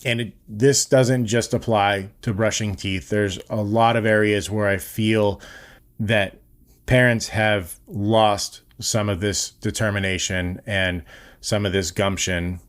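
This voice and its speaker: A young man with a fairly low voice talks straight to the listener in a casual podcast monologue. He is blunt and earnest and swears freely as he makes his point. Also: fairly even intonation, takes it slowly. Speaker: podcast host.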